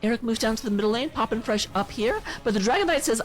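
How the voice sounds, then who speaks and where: A woman's voice: on the high side, animated, fast. A woman casting a live online game match, giving chatty play-by-play with self-deprecating asides. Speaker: esports caster.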